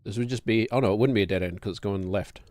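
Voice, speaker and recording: A man's voice: lowish voice, quick pace, darkish tone, no echo. A middle-aged man, hosting a casual gaming stream in a chatty, rambling way. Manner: chatty, rambling, upbeat greetings. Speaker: streamer host.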